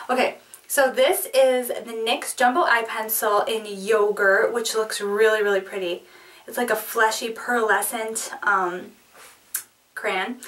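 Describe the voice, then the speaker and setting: A woman beauty vlogger in casual chat, opening a package, giggly, excitable and apologetic. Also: a little high, distant mic, poor audio.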